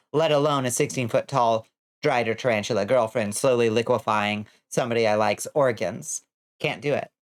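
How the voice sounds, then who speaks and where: Young woman streamer, wry and blunt, riffing on chat while she plays, swears a bit. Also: very deep voice. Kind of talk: casual gaming stream chat.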